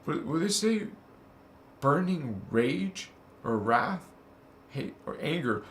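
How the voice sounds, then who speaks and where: A man giving an impassioned spiritual talk, casual and slangy, swearing and flaring up into loud outbursts. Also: a little high, very animated, takes it slowly, pauses often, echoey room. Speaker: spiritual teacher.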